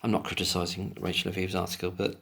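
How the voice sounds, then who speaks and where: A man's voice: low-pitched, monotone, fast talker, vocal fry, bright, forceful tone, slightly rough. A man giving a solo commentary, reading an article aloud and breaking off into emotional, indignant rants with plenty of swearing. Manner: reads passages aloud, then breaks off to rant.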